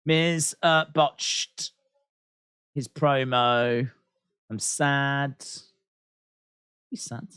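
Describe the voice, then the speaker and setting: A man's voice: medium pitch, extremely slow, long pauses, fairly bright tone, clean tone, dry recording, studio quality. A man reacting live to a wrestling show, repeating lines and laughing at his own jokes.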